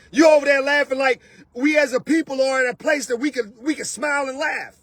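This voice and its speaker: A man hosting his own show, ranting loudly and mockingly about dating, often slipping into soft mimicking voices. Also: extremely high pitch, normal speed, no room sound. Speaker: host. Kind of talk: animated rant to camera. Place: lives in Atlanta.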